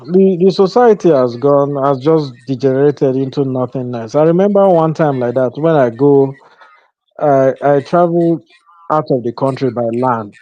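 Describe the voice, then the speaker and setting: A man with a Nigerian accent, telling a story in casual chat, in a relaxed way with soft laughs. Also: mid-range voice, moderate pace, dull audio.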